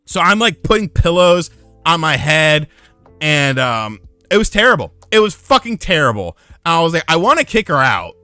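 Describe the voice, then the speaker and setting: A young man streaming live, telling a crude anecdote in a casual, profane, animated way to his chat. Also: on the high side, normal speed, dry recording, faint music behind.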